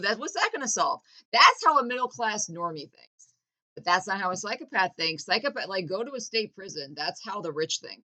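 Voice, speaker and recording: A woman speaking straight to the camera in an intense, profane rant. Her voice is bright and forceful, and she pushes every point hard. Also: medium pitch, animated, normal speed. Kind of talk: heated political rant to camera.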